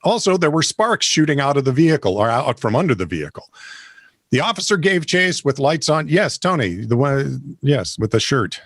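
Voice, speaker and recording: A man's voice: mid-range voice, sing-song, normal speed, fairly bright tone, dry recording, clean studio sound. A man co-hosting a comedic news podcast, reading stories aloud with a wry tone. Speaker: podcast co-host. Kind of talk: casual comedic news chat.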